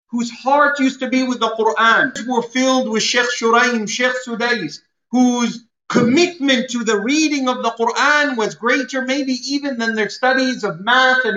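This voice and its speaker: A man delivering a sermon in a bright, forward voice that rings through a roomy space. He explains Arabic terms and acts out everyday scenes. The sound is a little dull and muffled. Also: very high-pitched. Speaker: preacher.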